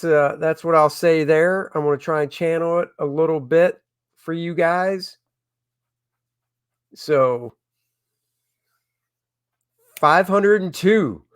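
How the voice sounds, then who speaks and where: A man who makes comics, chatting excitedly with viewers on a casual crowdfunding livestream from home. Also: fairly high pitch. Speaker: comic creator hosting a crowdfunding stream.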